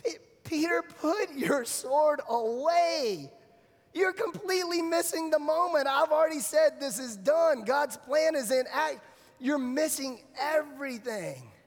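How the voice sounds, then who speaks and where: A man voicing Jesus as a firm, calm teacher, talking urgently in one scene and softly in another. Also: extremely high pitch, measured pace, big-room sound, pitched above the performer's own voice. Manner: urgent and pleading, then soft and apologetic.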